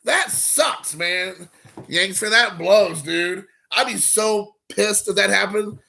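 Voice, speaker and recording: Casting: rambling, excitable male streamer, gravelly edge, bright tone, chatting to viewers. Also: high voice, slow pace. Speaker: card collecting channel host. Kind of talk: casual live stream chat.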